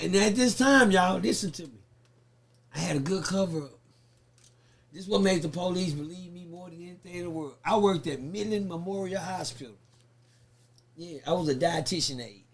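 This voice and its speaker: High, gravelly man. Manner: profane, lively, acts out the voices he quotes. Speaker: podcast guest. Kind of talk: casual storytelling.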